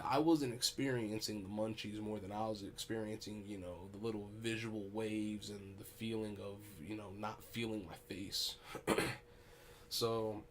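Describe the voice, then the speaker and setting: A young man hosting a podcast, telling a story in a casual, animated and profane way. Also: lowish voice, slight background noise. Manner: animated, profane, laughing asides. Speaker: podcast host.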